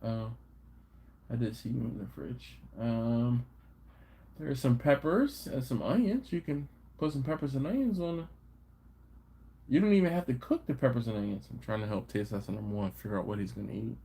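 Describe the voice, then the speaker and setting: A man's voice: medium pitch, moderate pace, vocal fry, dark tone, slightly rough. A man hosting a barbecue live stream, casually reading viewer comments with playful, slangy banter. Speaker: barbecue channel host.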